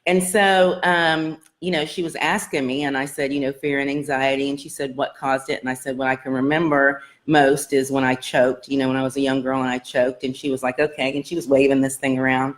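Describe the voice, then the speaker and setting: A woman with a low-pitched voice talks to her viewers in a casual, earnest way. She rambles and restarts often, full of fillers, as she tells her personal story. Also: level tone, brisk, few pauses. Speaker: self-help vlogger.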